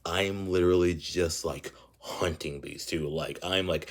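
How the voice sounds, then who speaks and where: A young man telling a personal story in a casual, animated way, full of fillers and swearing. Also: low-pitched, unhurried, hardly any pauses. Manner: animated, filler-heavy, profane ranting.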